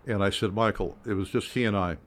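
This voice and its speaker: An older man, a former fishing guide, telling a lively story in casual conversation and shouting out the quoted lines. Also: fairly low pitch, fast talker.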